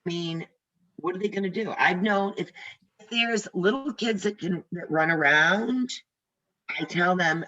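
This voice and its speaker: An older woman instructor talks to her trainees over a video call in a chatty, direct way, often telling stories from the job. Her voice is bright and forceful. The sound is slightly muffled. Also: on the low side, unhurried. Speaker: real estate instructor. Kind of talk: casual teaching on a video call.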